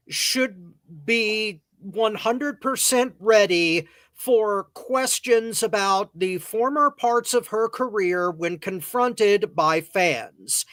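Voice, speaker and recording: A man hosting a podcast who gives careful, measured commentary. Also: high voice, a bit bright, dry recording. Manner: slow, deliberate, careful. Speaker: podcast host. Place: cigar lounge, live on location.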